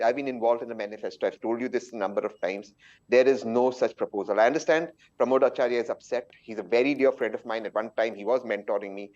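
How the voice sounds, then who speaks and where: A man's voice: mid-range voice, darkish tone. Indignant Indian male panelist, dull feed. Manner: indignant, rhetorical arguing. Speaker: political panelist. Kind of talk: televised political debate.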